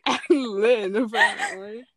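A woman's voice: fairly high pitch, wildly swooping pitch, takes it slowly, fairly bright tone, no room sound. A young woman hosting a casual chat, reading fan fiction aloud with melodramatic flair and joking between lines. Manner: reads melodramatically, breaks into laughter and jokes.

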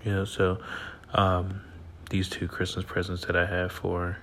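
A man talks into his phone late at night for his solo podcast, his voice sitting low as he rambles and chuckles. He sounds sleepy and unhurried, padding his thoughts with fillers. A faint hiss runs under the recording. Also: completely flat delivery, a bit bright. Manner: rambling, laid-back, laughs often, trails off with fillers. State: sleepy, yawning. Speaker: podcast host. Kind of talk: casual solo podcast monologue. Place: at home at night.

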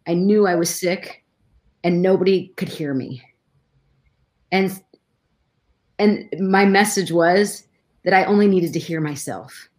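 A woman's voice: fairly low pitch, slow pace, long pauses, a little mellow. A middle-aged woman, a guest in a conversation, telling a personal story with emotion and many restarts.

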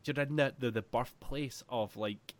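A man chatting about films on a podcast, animated and laughing a lot. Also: mid-range voice, a little slow. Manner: animated, laughs often, acts out scenes loudly. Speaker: podcast co-host. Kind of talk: casual film chat.

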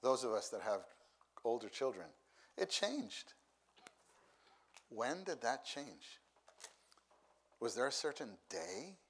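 A middle-aged man preaching a sermon, unhurried, who repeats key phrases for emphasis. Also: medium pitch, sing-song, husky.

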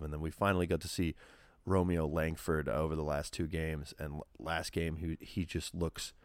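Deep-voiced man in casual sports chat. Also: no room sound, clean studio sound. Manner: rambling, animated, many fillers and restarts. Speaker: podcast co-host.

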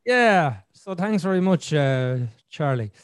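Taking things slowly, this middle-aged man hosts a podcast conversation in a fairly high voice, lively and chatty as he repeats words and plays out his thoughts aloud. The studio sound is clean, with a clear tone and no echo.

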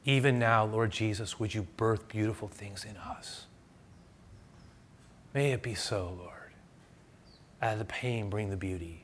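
A middle-aged man preaching a sermon, telling stories conversationally and growing loud and animated at times. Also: fairly low pitch, unhurried, pauses often, a little hiss or hum. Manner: conversational, animated storytelling with bursts of loud excitement. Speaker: pastor.

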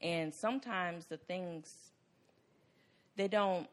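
A woman in a casual group chat, speaking in a thoughtful, measured way. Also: lowish voice.

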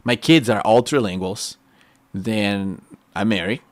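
A man with a Brazilian Portuguese accent, a native Portuguese speaker, giving a testimony sermon in an excitable, animated storytelling way. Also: lowish voice, unhurried, no echo. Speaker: preacher.

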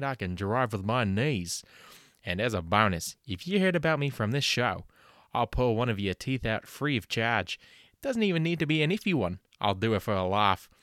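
A man's voice: fairly low pitch, a bit bright, dry recording, clean studio sound. A man voicing a crude, boastful roadside dentist in a comic mock advert, with a put-on Australian accent and plenty of swearing and slang.

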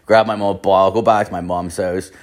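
A man's voice: low voice, flat delivery, quick pace. A man in his thirties telling a rambling, exasperated story, swearing constantly. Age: 30s. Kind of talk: profane comic storytelling rant.

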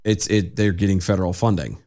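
A man's voice: low-pitched, steady tone, a little fast, dark tone. A man co-hosting a casual podcast, reading news quotes aloud and ranting in exasperation. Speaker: podcast co-host.

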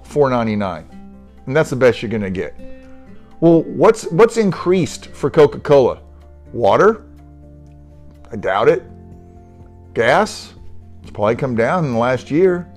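A man's voice: medium pitch, sing-song, moderate pace, a little mellow, soft background music. A middle-aged man hosting his own podcast, rambling casually and grumbling wryly about small everyday irritations. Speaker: podcast host. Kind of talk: casual solo podcast monologue.

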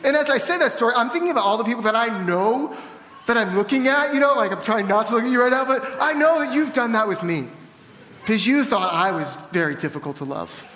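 A man's voice: extremely high pitch, animated, fast talker, pushed and bright, big-room sound, a little hiss or hum. A young man from the South, preaching a sermon in a church and telling candid, self-deprecating stories. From American South. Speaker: pastor. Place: church hall.

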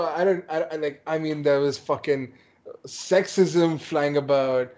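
A man's voice: a little high, fairly even intonation, unhurried, darkish tone, slight background noise. A man as a guest on a casual podcast, joking and sarcastic. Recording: dull lo-fi call audio.

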